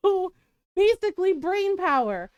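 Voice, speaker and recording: A middle-aged woman with a very high voice tells a family story to her stream, laughing as she goes and acting out each person she quotes. The sound is dry and close, with no room around it. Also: big pitch swings, takes it slowly, dry recording, lo-fi sound. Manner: laughs often and acts out the people she quotes. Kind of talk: casual storytelling on a live stream.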